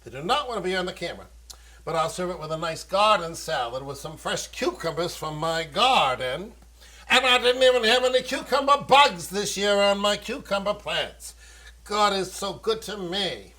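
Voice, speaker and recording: A man's voice: high-pitched, expressive, moderate pace, sharp tone. A man with a Maine accent hosting a home cooking show, talking fussily to children and breaking into old-fashioned exclamations. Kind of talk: playful cooking demonstration for children. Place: home kitchen.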